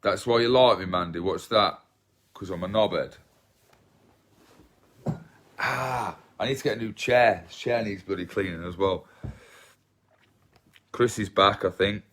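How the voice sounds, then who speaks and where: Fairly low in pitch and a bit bright, this English host speaks a little slowly with long pauses. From England and English-accented, he chats casually with livestream viewers, rambling and running himself down.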